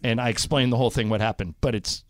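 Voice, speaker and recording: Hosting a radio show, this man trades casual banter and spins animated stories, laughing a lot and acting out what people said. His mid-range voice moves quickly, and the recording is dry and studio quality.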